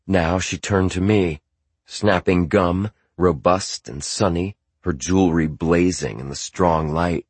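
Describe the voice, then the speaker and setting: A man reading a first-person novel aloud in a measured, reflective way. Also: sits low, husky, no echo. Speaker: audiobook narrator.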